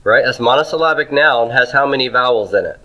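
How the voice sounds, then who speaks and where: A man teaches a class Hebrew grammar, writing on a board as he goes and asking questions he then answers himself, checking in constantly with "okay?" and "right?". His mid-range voice is fast and sharp in tone, and the recording is rough.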